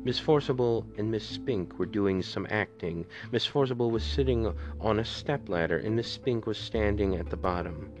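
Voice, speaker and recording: Man, audiobook narration, low voice, dull lo-fi sound, faint music behind. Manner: measured, steady storytelling. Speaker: podcast reader.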